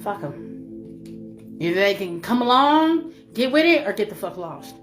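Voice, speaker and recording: Woman, higher voice, spiritual pep talk, swears a lot, repeats herself, faint music behind. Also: sing-song, normal speed. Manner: emphatic, repetitive, swears freely, calls listener baby. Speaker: spiritual reader. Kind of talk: motivational spiritual message to viewers.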